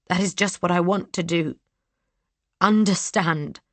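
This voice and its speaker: A woman's voice: lowish voice, steady tone, fairly quick, no room sound, lightly acted. A woman voicing a grieving young woman confronting her brother, her voice rising, pleading and tearful. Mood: tense.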